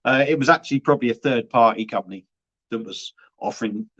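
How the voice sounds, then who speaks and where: A man's voice: mid-range voice, fast talker, a bit bright. A man chatting blunt and casual on a livestream, swearing freely as he reads out viewer comments. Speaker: beer reviewer and livestream host. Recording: dull lo-fi livestream audio.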